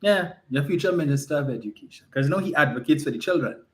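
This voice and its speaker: A man's voice: fairly high pitch, animated, quick pace. A man giving an emphatic, mocking political campaign speech full of rhetorical questions.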